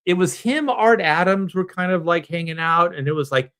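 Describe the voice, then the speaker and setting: A man's voice: high-pitched, normal speed, clean tone. A middle-aged man from Southern California, casually telling a long anecdote over a video call and acting out the people in it. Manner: animated anecdote teller, acts out quoted voices. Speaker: comic book artist guest on a panel stream.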